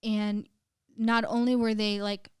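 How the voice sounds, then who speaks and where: A woman's voice: mid-range voice, level tone, measured pace, a little mellow, smooth, dry recording, studio quality. A young woman, a podcast guest, telling a painful personal story in casual chat, emotional, with lots of "like" fillers and some swearing.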